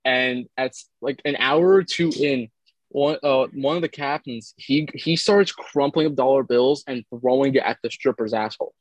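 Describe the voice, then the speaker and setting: A man's voice: mid-range voice, moderate pace, no echo, poor audio. Young man telling a crude story. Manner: rambling, crude, jokey anecdote teller. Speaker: podcast co-host. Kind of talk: casual storytelling chat.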